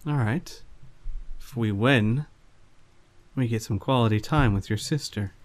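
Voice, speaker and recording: Man voicing a swaggering bar thug, taunting, slow drawl, middle pitch. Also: lightly acted. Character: cocky young male bar thug, mocking.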